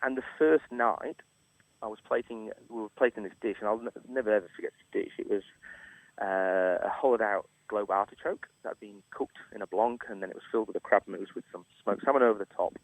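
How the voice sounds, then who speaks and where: A man's voice: on the low side, fairly quick, no room sound, low-quality recording. A middle-aged man from England, a chef telling a story as a radio guest, acting out quotes and laughing often. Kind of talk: casual storytelling interview. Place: radio studio. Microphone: studio microphone.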